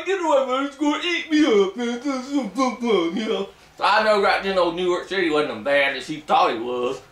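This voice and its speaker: A man's voice: high-pitched, pushed and bright, far from the mic. A man doing a boastful, simple-minded backwoods ex-soldier. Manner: rambling folksy storytelling, ungrammatical rural dialect. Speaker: comic character. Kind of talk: comic character monologue. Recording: roomy echo, voice away from the mic.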